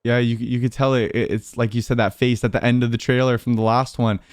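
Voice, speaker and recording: A man interviewing guests over a video call. His voice is smooth and resonant, and it sounds dry and close. He talks in a loose, chatty way, full of fillers and quick laughs. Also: mid-range voice, little pitch movement, no echo. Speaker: interviewer and streamer host.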